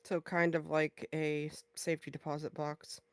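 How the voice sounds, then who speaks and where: A woman player in a tabletop game speaks in a matter-of-fact manner. Her voice is low and smooth, and the recording is dry and close. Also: little pitch movement, normal speed, no echo. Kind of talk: tabletop game play, casual.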